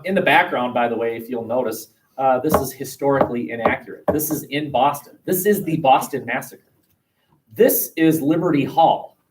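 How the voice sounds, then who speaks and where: A man teaching a history class, leading a discussion with students and telling jokes with lively voices. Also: mid-range voice, distant mic, slight background noise, low-quality recording. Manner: animated, acts out a joke with big voices.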